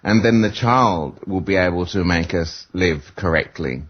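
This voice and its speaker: Husky man, hesitant, lo-fi radio. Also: low-pitched, animated, moderate pace. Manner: hesitant, filler-heavy. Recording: dull lo-fi internet radio audio.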